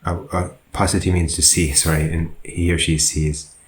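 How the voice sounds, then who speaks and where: A man's voice: low-pitched, flat delivery, normal speed, echoey room. A man, a monk, teaching a language lesson, who goes through example sentences patiently and often corrects himself. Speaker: Buddhist monk teaching Pali.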